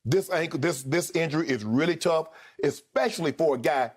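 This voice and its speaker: A man's voice: fairly high pitch, brisk. A man co-hosting a sports debate show, arguing emphatically and repeating his points.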